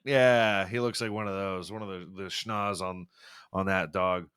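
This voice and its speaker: A man's voice: low-pitched, fairly even intonation, measured pace, a bit bright, smooth, dry recording, studio quality. A young man hosting a casual podcast, ranting in a rambling, profane way with lots of stumbling restarts. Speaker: podcast host.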